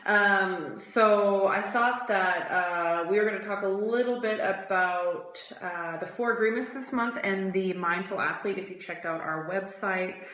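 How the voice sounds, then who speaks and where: A woman's voice: mid-range voice, a little slow, hardly any pauses, fairly bright tone. A woman chatting casually on a phone livestream from home, rambling with many fillers. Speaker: athlete hosting a livestream. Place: room at home. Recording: roomy home recording.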